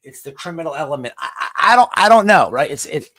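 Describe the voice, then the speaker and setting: Male stream host with a somewhat high voice, casual and crude, restarting sentences often. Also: very animated, fast talker, bright, forceful tone. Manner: rambling with many restarts and stammers. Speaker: livestream host. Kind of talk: casual profane commentary.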